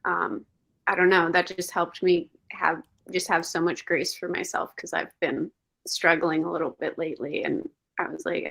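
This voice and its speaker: A woman on a video call, speaking in a soft, hesitant way with many pauses and fillers. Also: fairly low pitch, fairly even intonation, creaky. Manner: slow, hesitant, soft-spoken. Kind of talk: casual talk, video call town hall.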